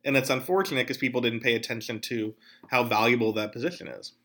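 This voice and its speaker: A man hosting a podcast, talking casually about politics with animated, jokey asides. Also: mid-range voice, fast. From Pennsylvania. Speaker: podcast host.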